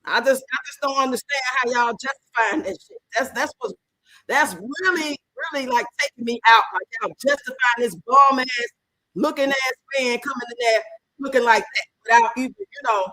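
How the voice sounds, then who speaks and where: A woman hosting a casual livestream in African American Vernacular English, loud and animated, cursing freely. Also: sits high, normal speed, dry recording, low-quality recording. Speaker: livestream host.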